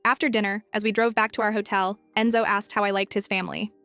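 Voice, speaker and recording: A woman narrating a first-person story in an even, measured way. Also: mid-range voice, clean tone. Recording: faint music underneath.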